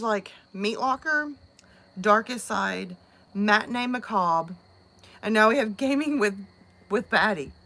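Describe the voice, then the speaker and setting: A woman's voice: mid-range voice, fairly bright tone. A woman from the American South with a Southern accent, chatting casually on a live stream, rambling and laughing with plenty of fillers. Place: outdoors at night.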